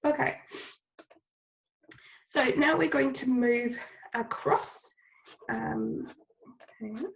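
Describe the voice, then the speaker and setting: A woman's voice: high voice, drawn-out words, vocal fry, slight background noise, poor audio. A woman teacher with a cold, giving patient, step-by-step instructions in a recorded lesson and repeating the key points. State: has a cold, coughing.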